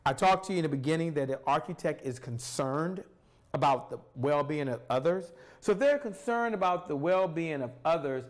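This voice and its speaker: A middle-aged man delivers a solo sales coaching talk with lots of energy and a preacher's push. His voice sits high for a man. He keeps turning to the viewer with rhetorical questions. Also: lively intonation, normal speed. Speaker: sales coach and show host.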